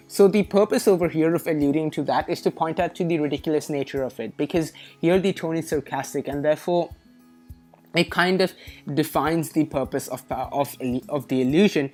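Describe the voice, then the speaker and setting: This is a woman with a low, deep speaking voice who walks through reading test material as a tutor. She explains step by step and corrects her own slips with a wry aside. Soft music sits faintly behind her. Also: moderate pace. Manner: methodical, self-correcting, lightly wry. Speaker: SAT tutor. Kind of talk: explanatory lesson.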